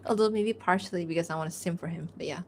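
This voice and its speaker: A woman's voice: on the low side, fairly quick, slight background noise. Young woman, casual stream chat, rambling, fillers, laughs often. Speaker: artist streaming a drawing Q&A. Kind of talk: casual livestream chat while drawing.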